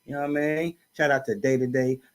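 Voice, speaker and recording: A man hosting a casual podcast, hyping up the show and giving shout-outs in a loose, chatty way. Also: mid-range voice, fairly even intonation, quick pace. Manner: hypes up, gives shout-outs, says "you know what I mean". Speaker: podcast host.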